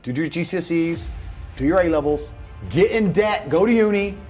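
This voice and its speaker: A man's voice: a little high, moderate pace, soft background music. A man with a British accent, telling stories in a brash, profane, boastful way as a podcast guest. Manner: profane, boastful, animated storyteller. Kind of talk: brash storytelling chat.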